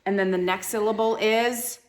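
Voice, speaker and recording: A woman teacher leading a live classroom phonics lesson, sounding out syllables slowly and encouraging her students. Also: mid-range voice, fairly even intonation. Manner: slow, drawn-out syllable sounding.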